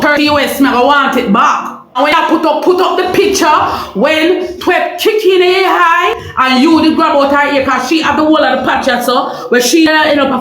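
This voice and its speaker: A middle-aged woman with a Jamaican accent ranting on a live stream, loud and confrontational, repeating herself and breaking into shouts. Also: sits high, roomy sound, rough recording. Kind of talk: heated live-stream rant.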